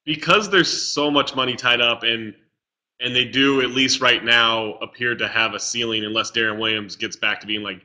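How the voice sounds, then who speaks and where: A man's voice: medium pitch, steady tone, normal speed, bright, forceful tone. A man co-hosting a casual podcast chat who asks long, probing questions. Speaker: co-host.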